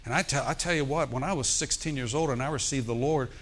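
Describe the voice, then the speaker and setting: Pastor, man, storytelling sermon voice, climbs into emphatic preaching, middle pitch. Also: fast talker.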